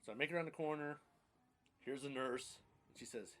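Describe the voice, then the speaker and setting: A man's voice: mid-range voice, a little fast, a bit bright. A man in his thirties casually telling his life story on a podcast, rambling and blunt, with casual swearing.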